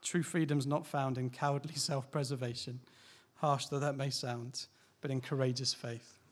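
A man's voice: medium pitch, little pitch movement, normal speed. A man, a pastor, preaching a sermon in a candid, conversational way, asking rhetorical questions and laughing lightly now and then.

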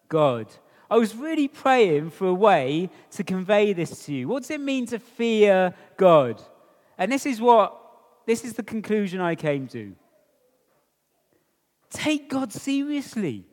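A man delivers a sermon in a chatty, animated way, throwing rhetorical questions at his listeners. His voice sits high and swings widely in pitch. He takes his time, and a long hall reverb trails each phrase. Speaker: preacher.

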